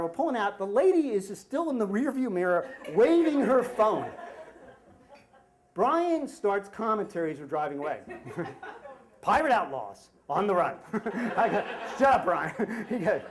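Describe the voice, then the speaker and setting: A middle-aged American man telling a comic story live at a story slam, acting out the shouted quotes. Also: high voice. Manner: animated, acts out shouted quotes. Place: live venue with audience laughter.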